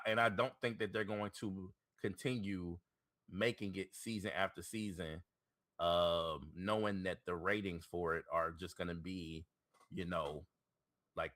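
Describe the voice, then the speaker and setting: Podcast co-host, male, low-ish bright voice, loose repetitive slangy delivery. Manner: rambling, repeats words, slangy. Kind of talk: casual chat.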